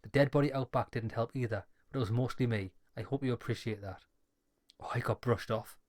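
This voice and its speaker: A man's voice: mid-range voice, fairly quick, darkish tone. A man playing a dialogue-heavy game, reading the lines aloud and adding wry jokes. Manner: wry, joking asides between read lines. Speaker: gaming YouTuber.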